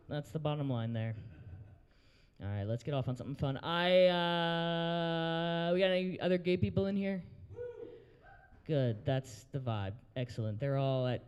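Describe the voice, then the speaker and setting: A man's voice: a little high, darkish tone, smooth, in a large hall, dull audio. A young man hosting an open mic, doing a crude stand-up set and working the crowd in a brewery. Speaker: open mic host and comedian. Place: brewery taproom, live audience.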